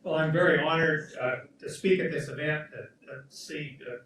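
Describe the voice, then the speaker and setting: A man, a professor, speaking at a memorial event, telling a fond anecdote with halting restarts. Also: on the high side, fairly bright tone, a little hiss or hum. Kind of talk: spoken remembrance at a memorial event. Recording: echoey hall from far off.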